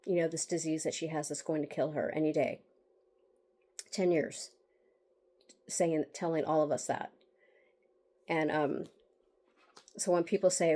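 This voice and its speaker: A woman's voice: low-pitched, fairly even intonation, unhurried, pauses often, mellow. A woman telling a bitter personal story in a candid vlog monologue, sighing and laughing wryly as she rambles. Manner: bitter, emotional, with wry laughs and sighs; rambling with restarts and fillers. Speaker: author talking about her book.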